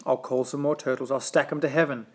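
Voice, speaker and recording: A man's voice: medium pitch, steady tone, quick pace, darkish tone, breathy edge, close to an everyday voice. A man voicing a pompous, boastful male turtle king who barks and bellows his orders in a storybook reading. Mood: boastful bellowing. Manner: barking, bellowing, bossy.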